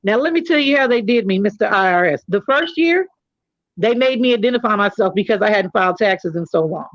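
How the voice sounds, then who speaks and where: A middle-aged woman from California hosts a casual chat, telling candid stories with joking asides. Her voice sits at an ordinary pitch. The recording is dry, with little room sound, and a touch dull. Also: expressive, a little fast, no echo. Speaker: host.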